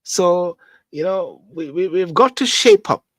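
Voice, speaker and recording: A man's voice: high-pitched, animated, measured pace, a bit bright, no echo. A man who grew up in Jamaica, with a Jamaican accent, hosting a show with a casual, rambling monologue full of restarts and repetition. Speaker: host. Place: London.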